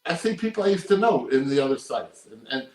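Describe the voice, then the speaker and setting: A man's voice: medium pitch, very animated, fast, darkish tone. An older man, a poker player, talking casually and emphatically in an interview, repeating his points. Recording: roomy echo.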